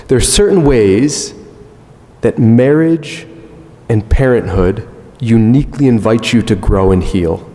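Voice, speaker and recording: A man in his thirties giving a conference talk, telling a self-mocking family story in an animated way. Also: mid-range voice. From United States. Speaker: conference speaker. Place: large conference hall. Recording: long hall reverb.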